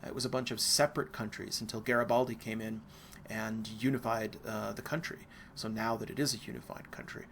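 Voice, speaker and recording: American man, lecturer, bright tone, digressive, slight background noise. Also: lowish voice, little pitch movement, fairly quick, vocal fry. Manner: casual, digressive, with asides and fillers. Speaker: art history lecturer. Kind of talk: recorded university lecture.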